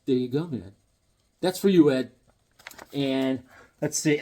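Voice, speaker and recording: A man's voice: mid-range voice, lively intonation, normal speed, warm tone, a little hiss or hum. Rambling, jokey man in his fifties. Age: 50s. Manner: rambling, jokey, drops into silly voices. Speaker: comic collector and hobby artist. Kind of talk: casual chat to camera.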